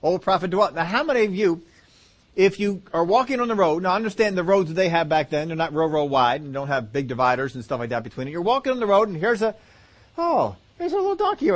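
A man's voice: a little high, animated, fast talker. A man preaching a sermon, joking and acting out the story in voices. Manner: humorous, acts out scenes in voices, laughs often.

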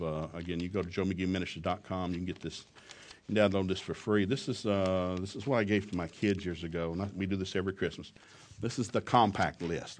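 A man preaches a sermon to a congregation in a homespun, emphatic voice. He chuckles between lines, then climbs to loud, fervent peaks whenever he quotes scripture. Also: deep voice. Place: church service before a congregation.

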